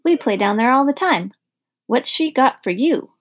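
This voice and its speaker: A woman voicing a boastful, boisterous young boy who talks loudly and offhandedly. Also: sits high, lively intonation, normal speed, pitched above the performer's own voice. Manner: loud, offhand.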